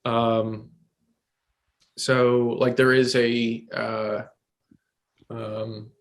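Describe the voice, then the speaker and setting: Male co-host, mid-pitched, thinks aloud with ums and restarts. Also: level tone, drawn-out words. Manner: searching, filler-heavy explaining. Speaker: podcast co-host. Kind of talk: casual chat.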